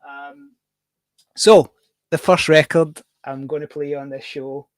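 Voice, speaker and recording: A man's voice: on the high side, steady tone, a little slow, dry recording. Scottish man, casual livestream host, rambling and self-mocking, dry close sound. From Scotland. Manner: rambling, self-deprecating, jokey.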